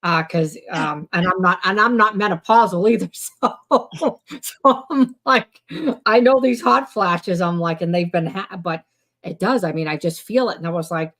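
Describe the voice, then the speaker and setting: A woman chatting casually as a guest, telling personal stories and quoting herself with lively exclamations. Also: moderate pace. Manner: animated storyteller, quotes herself with high exclamations. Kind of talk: casual chat.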